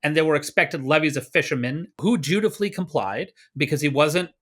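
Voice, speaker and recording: Man, from Canada, podcast co-host, bright tone, lively storytelling, jokey asides. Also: a little high, a little fast. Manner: animated, jokey, slips into mock voices for quotes. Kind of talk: casual history storytelling.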